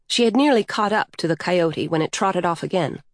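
A woman narrating a story aloud in a calm, even storytelling manner. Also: on the low side, normal speed, no echo, studio quality.

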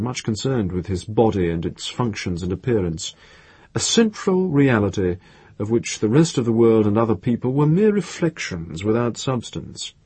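A man reading a novel aloud in steady, measured scripted narration. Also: fairly low pitch, slightly rough, dry recording.

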